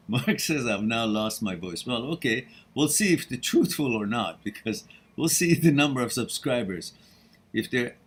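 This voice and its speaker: A man's voice: medium pitch, breathy edge. A man hosting a live-stream question-and-answer session, frank and blunt, swearing casually and laughing often between answers. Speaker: host answering viewer questions.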